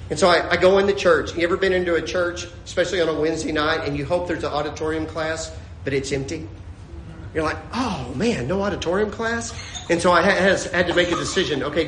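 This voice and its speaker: A man's voice: high voice, a little hiss or hum. A man, preaching a humorous sermon with stories and acting out the voices of the people in them. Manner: animated, acts out voices of people in his stories. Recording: echoey room with faint ambience.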